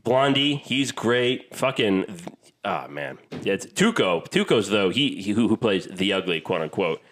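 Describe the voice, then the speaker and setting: A man co-hosting a podcast in casual chat, excitable and swearing freely as he retells film scenes. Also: lowish voice, measured pace, slight background noise. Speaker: podcast co-host.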